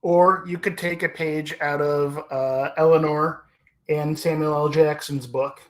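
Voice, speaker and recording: A man hosting a livestream in casual chat, rambling and hesitant, with many pauses and self-corrections. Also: a little high, fairly even intonation. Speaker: livestream host.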